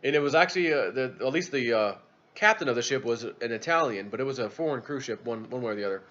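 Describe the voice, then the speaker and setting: Low-key man telling a story. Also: lively intonation, fast, a bit bright, dull audio. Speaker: YouTube news vlogger. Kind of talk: casual storytelling to camera.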